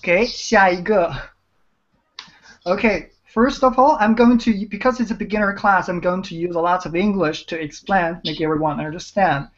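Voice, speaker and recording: A woman's voice: on the low side, moderate pace, lo-fi sound. Patient woman teaching. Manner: patient, repeats words and praises students. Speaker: Chinese teacher. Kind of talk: online beginner language lesson.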